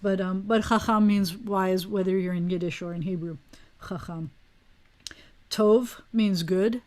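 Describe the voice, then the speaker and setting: A woman rabbi teaching an online Hebrew class in a relaxed, digressive way, with plenty of fillers, speaking into a video call mic. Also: mid-range voice, a little slow. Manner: chatty, digressive, with frequent fillers.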